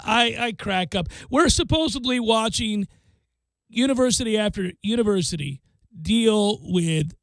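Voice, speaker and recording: Animated high-voiced male sports radio host. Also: dry recording. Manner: animated, sarcastic, ranting. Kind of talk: sports talk radio banter.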